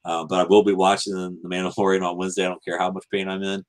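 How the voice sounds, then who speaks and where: A man hosting a casual fan podcast, signing off with frequent ums, earnest and unhurried. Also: low-pitched, level tone. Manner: many ums and restarts, earnest. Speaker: podcast host. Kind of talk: casual show sign-off.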